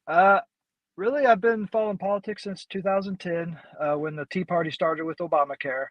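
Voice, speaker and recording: A man from Missouri, a congressional candidate being interviewed, answering in a halting way with many pauses and restarts. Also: high voice, fairly even intonation, dry recording, muffled recording.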